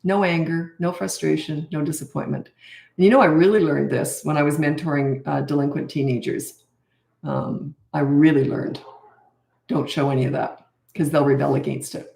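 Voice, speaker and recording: On a live stream, a woman in her fifties who works as a parenting coach responds to questions calmly and plainly. Her voice is low and gravelly, her pace moderate, and the room echoes.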